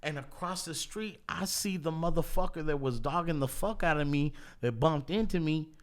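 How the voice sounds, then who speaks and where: A man's voice: on the high side, normal speed. Profane laughing man storyteller. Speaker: podcast host. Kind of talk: casual storytelling.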